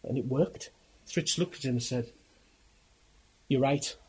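A man preaching through a dramatic story. He speaks earnestly and with emphasis, pausing and restarting as he goes. His voice is husky. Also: mid-range voice, poor audio.

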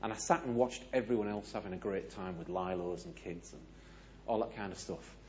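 Animated British man telling a story. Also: on the low side, brisk, highs cut off, a little hiss or hum. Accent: British English. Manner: animated, asks audience questions, acts out dialogue. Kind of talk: storytelling sermon.

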